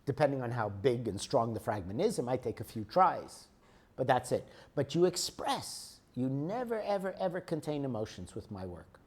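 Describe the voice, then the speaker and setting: A man's voice: medium pitch, sing-song, moderate pace, breathy edge. A man lecturing a group on emotions, explaining with everyday examples and often checking in with "okay?". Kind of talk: spiritual teaching lecture.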